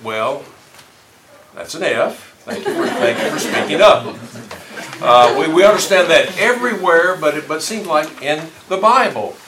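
A man's voice: fairly high pitch, lively intonation, normal speed. A man teaching an informal Bible class in a folksy, conversational way, asking his listeners questions. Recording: roomy distant room mic, faint noise.

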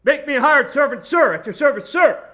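A man's voice: very high-pitched, lively intonation, a little fast, sharp tone, voice pushed up, exaggerated voice. A man preaching, voicing a young man who humbly pleads with his father to take him back as a servant. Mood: pleading.

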